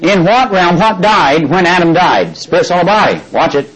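A man's voice: high voice, expressive, moderate pace, a bit bright, slight background noise, low-quality recording. An older man preaching a folksy sermon, often asking his listeners questions and reading scripture aloud. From Texas.

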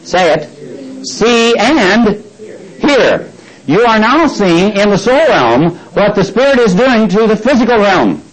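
A man's voice: high-pitched, sing-song, takes it slowly, rough recording. A man preaching a sermon, retelling a scripture story, acting out its speakers and prompting the congregation to finish his lines, with frequent restarts.

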